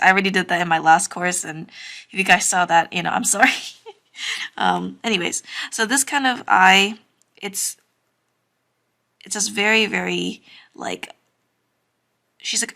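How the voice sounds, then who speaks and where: A woman's voice: lowish voice, unhurried, vocal fry, pauses often, sharp tone. A young woman teaching anime drawing in a casual, chatty way, with lots of fillers and some self-conscious giggling. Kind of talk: casual drawing tutorial narration.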